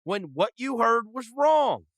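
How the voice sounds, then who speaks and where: A man's voice: very high-pitched, animated, unhurried, vocal fry, a bit bright, dry recording. A man co-hosting a sports podcast, talking casually and hammering home his point with slang and repetition. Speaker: podcast co-host.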